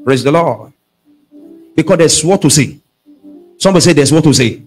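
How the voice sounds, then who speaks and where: High, lively preaching pastor, husky. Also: male voice, moderate pace, soft background music. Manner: call-and-response preaching, shouting at peaks. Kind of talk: sermon.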